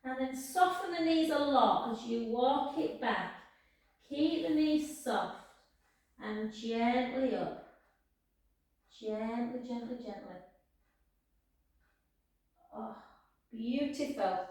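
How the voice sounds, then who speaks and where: A woman leads a pilates class, her high voice unhurried and soothing. She speaks slowly and gently, sighing her praise. She sounds far from the mic in a very echoey studio. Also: lively intonation. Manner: soft, slow, soothing cues with sighs of "oh, gorgeous". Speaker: pilates instructor.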